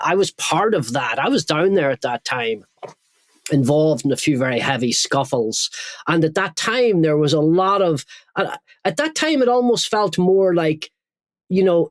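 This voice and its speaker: A man's voice: a little high, no echo. Irish guy in middle age talking earnestly on a podcast, keeps restarting to find the words, dry close sound. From Ireland. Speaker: guest. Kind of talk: podcast interview.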